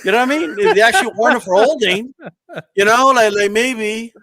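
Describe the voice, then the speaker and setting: A man's voice: extremely high pitch, a little fast, bright, forceful tone, no echo. A man co-hosting a casual boxing talk show, ranting in a brash, profane way. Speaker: boxing channel co-host. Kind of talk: casual podcast chat.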